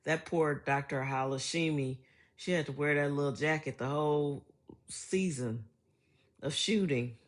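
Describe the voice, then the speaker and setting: A woman's voice: low-pitched, fairly even intonation, normal speed. A middle-aged woman talking in a casual vlog monologue, chatty and reflective, laughing often as she tells stories. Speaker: vlogger.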